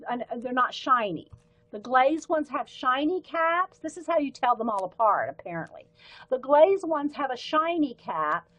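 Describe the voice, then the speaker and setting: A woman's voice: fairly high pitch, bright, forceful tone, poor audio. A woman with a light Southern accent hosting a casual live art stream, chatting in a rambling way with frequent ums and self-corrections while she tries out pens at her desk. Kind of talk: casual livestream chat.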